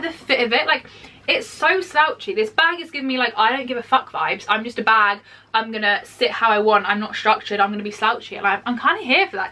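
Young British woman, chatty rambling vlogger, bright tone, recorded slightly off-mic at home. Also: a little high, recorded from a distance. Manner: rambling, chatty, full of "like" fillers. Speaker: fashion vlogger. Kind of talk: casual try-on haul chat. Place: home office.

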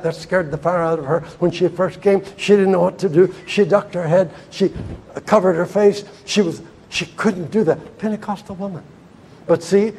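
An older American man preaching a sermon in a church, emphatic, swinging between shouted lines and hushed ones, with a husky voice. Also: fairly high pitch, slight background noise. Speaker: evangelist preacher. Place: church hall.

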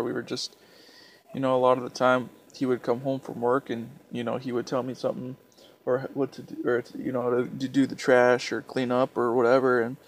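A young man vlogging a personal story, speaking in a halting, hesitant way with many restarts, soft and subdued. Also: medium pitch.

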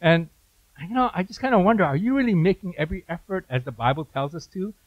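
A man's voice: sits high, fast talker, no room sound, highs cut off. Conversational male pastor preaching. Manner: conversational preaching with frequent "you know" asides. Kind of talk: sermon.

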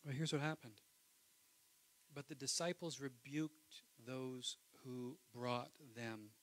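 Male pastor, sermon, bright tone, impassioned, loud then hushed. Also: medium pitch, fairly even intonation, slow pace, poor audio. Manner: impassioned, swings between loud preaching and quiet asides. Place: church.

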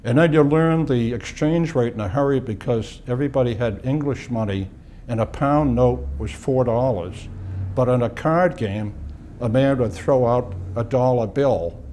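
Older man in his 80s from Boston, interviewee; mellow tone, reminiscing slowly with pauses and restarts. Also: medium pitch, a little hiss or hum. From Boston, USA. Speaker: interviewee, war veteran. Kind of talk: oral history interview.

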